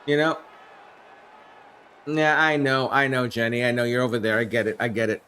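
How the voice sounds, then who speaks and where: A man's voice: medium pitch, fairly even intonation, moderate pace, sharp tone, a little hiss or hum. A man streaming play-by-play of a simulated game, jumping up on big plays and chatting loosely with viewers. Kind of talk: live-stream play-by-play with chat replies.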